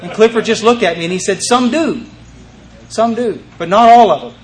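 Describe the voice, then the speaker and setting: An older man sharing his recovery story at a meeting, telling it in a lively, animated way and acting out the voices of the people in it. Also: high voice, normal speed. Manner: animated storyteller, acts out voices, many restarts.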